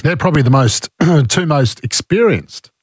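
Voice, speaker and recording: A man's voice: fairly high pitch, animated, moderate pace, husky, dry recording, clean studio sound. A man with an Australian accent hosting talkback radio, reading listener texts and giving blunt, indignant opinions while fighting a cold. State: has a cold. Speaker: talk radio host. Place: radio studio.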